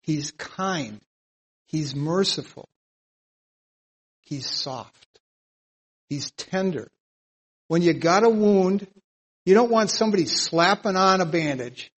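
Man, high voice, Bible teacher, emphatic scripture reading, earnest explaining. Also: expressive, measured pace, poor audio. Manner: emphatic, louder when reading scripture aloud; earnest, plain-spoken explaining. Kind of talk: verse-by-verse sermon teaching.

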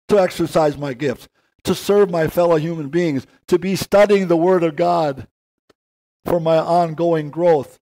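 A man's voice: on the high side, warm tone. Earnest older man preaching. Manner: earnest, slowing and rising for emphasis. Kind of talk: sermon.

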